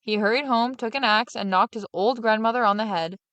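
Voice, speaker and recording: A woman reading a fairy tale aloud in steady, expressive narration. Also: a little high, brisk, no room sound. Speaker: storyteller.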